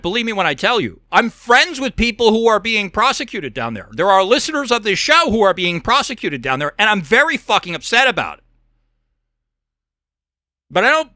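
A podcast host delivers a profane, heated monologue in a high voice that swings widely in pitch. His tone is bright and forceful, and he clears his throat often. The sound is dry and close. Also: dry recording. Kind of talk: angry monologue rant.

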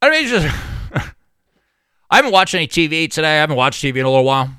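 A man's voice: fairly high pitch, big pitch swings, fast, sharp tone, smooth, no echo. A man hosting a podcast, delivering a sarcastic, ranting political commentary monologue. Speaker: podcast host.

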